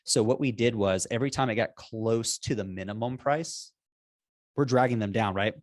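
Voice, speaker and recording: Interviewed as a guest, this repricing software founder talks business strategy with upbeat persuasiveness and frequent chuckles. He has a fairly low voice and speaks at a normal speed.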